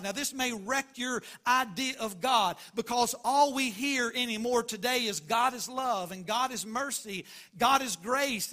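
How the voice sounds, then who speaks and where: A man's voice: extremely high pitch, sharp tone. A man preaching a sermon as pastor, emphatic and driving points home by repeating phrases.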